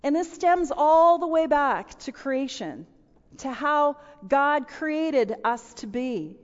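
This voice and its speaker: A middle-aged woman delivers a storytelling sermon to a room full of listeners, acting out little voices and sound effects as she goes. Her voice sits high and she takes her time. The recording is dull, with a long reverb from a big hall. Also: expressive, slow pace. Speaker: women's speaker. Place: large room with audience.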